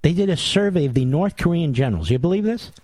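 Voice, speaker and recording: A man's voice: on the high side, expressive, fast talker, a little mellow, no echo. A man hosting a talk radio monologue, sarcastic and mocking, with big theatrical swings in tone.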